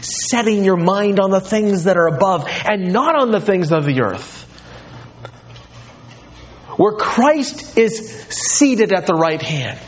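A male pastor preaching a sermon, emphatic and animated, his voice swinging widely in pitch. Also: takes it slowly, lo-fi sound.

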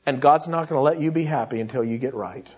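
A man preaching a sermon, swinging between hushed, intimate passages and shouted, pleading fervor. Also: medium pitch, fast, husky, lo-fi sound. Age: adult with young sons. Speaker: pastor.

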